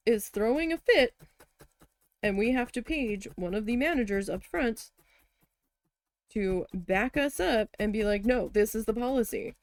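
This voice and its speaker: A woman telling a story in casual chat while crafting, chatty and exasperated, swearing now and then. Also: fairly high pitch. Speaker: craft vlogger.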